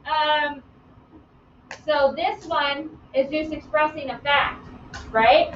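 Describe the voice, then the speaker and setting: A woman teaching grammar in a live online class, lively and playful, calling on students by name. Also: high voice, drawn-out words, slight background noise. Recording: roomy, distant, dull sound.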